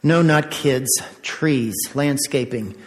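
A man's voice: medium pitch, slow pace. An older man giving a children's sermon as pastor, chatty, asking the kids questions and chuckling often. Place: church sanctuary. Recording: echoey church sanctuary.

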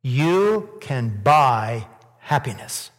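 A man preaching a sermon in church, asking rhetorical questions and building to loud, emphatic peaks. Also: mid-range voice, very animated, extremely slow. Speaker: pastor. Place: church sanctuary. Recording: long hall reverb.

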